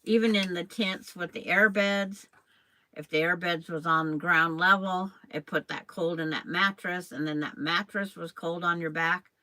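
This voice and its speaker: Here the quilting channel host, an older woman, rambles in casual conversation on her live stream, sewing and addressing viewers by name. She speaks a little slowly in a fairly low, fairly even voice with a sharp edge. The recording is rough but has no echo.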